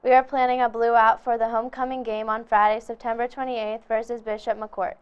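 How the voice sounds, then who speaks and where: A teenage girl reads the school announcements in a fairly high, clear voice. She keeps to the script with a few small slips. The recording sounds dull and muffled. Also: level tone, brisk. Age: teens. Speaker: student announcer.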